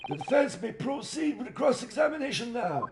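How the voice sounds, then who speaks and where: A man voicing a stern, formal old judge in a raised pitch, reading a visual novel. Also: sing-song, noisy background, full character voice. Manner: formal, measured pronouncements.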